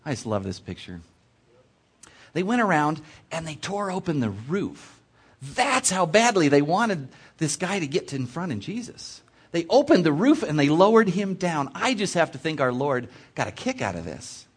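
A man preaching a sermon, reading scripture and explaining it with expressive storytelling asides. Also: fairly high pitch, normal speed, breathy edge. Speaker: preacher in children's ministry. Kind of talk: sermon teaching from Bible text.

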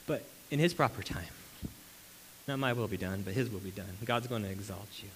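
A man's voice: lowish voice, fairly quick, a bit bright, slight background noise, low-quality recording. A man preaching a sermon to a congregation in a room, talking animatedly, asking rhetorical questions and slipping into voices. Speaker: pastor.

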